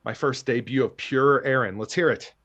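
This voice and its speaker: An anime reaction host watches a show for the first time, thinking aloud and laughing often in casual commentary. His mid-range, slightly bright voice moves at a moderate pace, and the sound is lo-fi.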